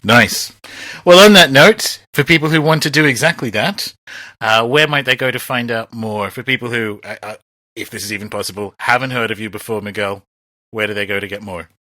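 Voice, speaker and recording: Bright-voiced male podcast host, dry sound. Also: mid-range voice, a little fast, dry recording. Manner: thoughtful, trailing off, then loud bursts. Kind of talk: conversational interview.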